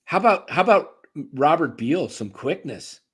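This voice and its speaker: A man's voice: on the high side, animated, normal speed, a bit bright, husky. A man hosting a casual sports live stream, rambling in a stop-start way. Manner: rambling, stop-start, frequent fillers and restarts. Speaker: sports show host.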